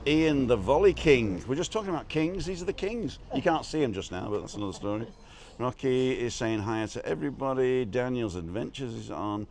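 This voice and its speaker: A man's voice: mid-range voice, animated, a little fast, darkish tone, a little hiss or hum. A man hosting a casual live stream outside an inn, joking and greeting viewers by name. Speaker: livestream host.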